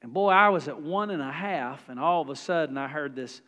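A male pastor, preaching a sermon in a folksy, animated storytelling manner. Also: a little high, brisk, big-room sound.

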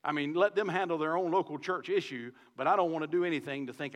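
Southern pastor preaching in a reverberant church. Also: male voice, fairly high pitch, fast. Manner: conversational preaching full of rhetorical questions. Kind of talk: sermon. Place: church sanctuary. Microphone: microphone.

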